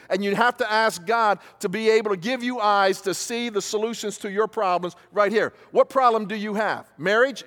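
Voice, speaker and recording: High-voiced preacher in an echoing hall. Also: male voice, fairly bright tone. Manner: call-and-response, repeats phrases for emphasis. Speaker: pastor. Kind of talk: sermon. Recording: long hall reverb.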